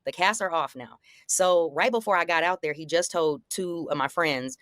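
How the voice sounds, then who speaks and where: A young adult woman casually recounting a confrontation, acting out the quoted lines in a higher, animated voice. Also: normal speed, hardly any pauses, no echo, clean studio sound. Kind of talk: casual storytelling in conversation.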